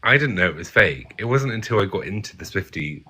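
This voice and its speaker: A man's voice: lowish voice, expressive, brisk, pushed and bright, breathy edge. A British man chatting as a guest over a video call, self-deprecating and full of restarts. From Britain. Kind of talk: casual group chat on a live stream.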